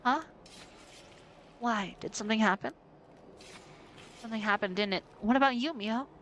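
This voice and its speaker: A woman's voice: a little high, normal speed, fairly bright tone, a little hiss or hum, close to an everyday voice. Anxious teen schoolgirl, worried and unsure, read by a woman.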